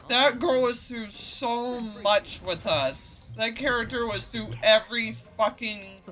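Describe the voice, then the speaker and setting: A man's voice: very high-pitched, fairly even intonation, slow, few pauses, bright, forceful tone. A man ranting profanely and indignantly while commentating a game playthrough. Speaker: gaming streamer. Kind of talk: let's play commentary.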